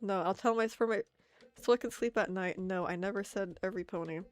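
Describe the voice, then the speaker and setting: A woman's voice: medium pitch, a little fast, no room sound, soft background music. A young woman chatting casually on an art stream, giggling and poking fun at herself as she reads chat aloud.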